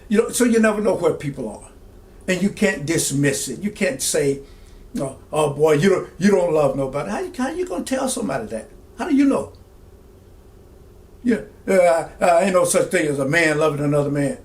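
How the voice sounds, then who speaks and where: A middle-aged man, a pastor, telling a personal story slowly and reflectively, with many fillers and restarts. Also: on the high side, gravelly, a little mellow.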